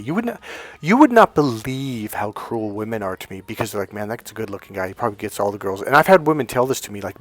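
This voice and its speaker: A middle-aged man, a dating coach, tells a personal story to his viewers. He swings from loud bursts to low, quiet asides and swears freely. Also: no room sound.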